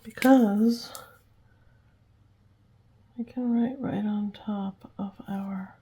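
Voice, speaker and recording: A woman host of a journaling channel, whispering softly to herself as she crafts and talks about it. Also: mid-range voice, steady tone, extremely slow, slight background noise. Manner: whispers while working with her hands, talks to herself. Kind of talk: soft whispered crafting chatter.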